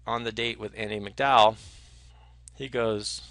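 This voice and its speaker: A man giving a conversational lecture who explains ideas through animated storytelling, with frequent ums and restarts. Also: fairly low pitch, normal speed, no room sound.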